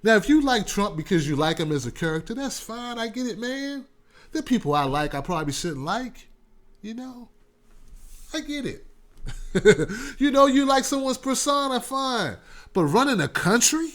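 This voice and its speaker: A male talk show host giving casual political commentary, animated and repetitive, often laughing. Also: extremely high pitch, normal speed.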